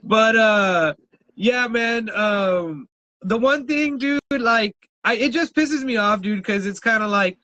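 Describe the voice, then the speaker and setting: High bright-voiced ranting podcast man. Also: slow, no room sound, highs cut off. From South Texas. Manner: profane, ranting, laughs often. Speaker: podcast host. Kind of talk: casual podcast chat.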